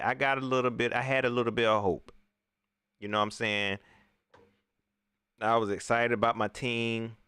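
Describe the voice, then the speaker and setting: A man hosting a casual post-game livestream, slangy and animated, often repeating himself. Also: mid-range voice, smooth, dry recording. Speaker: sports talk show host.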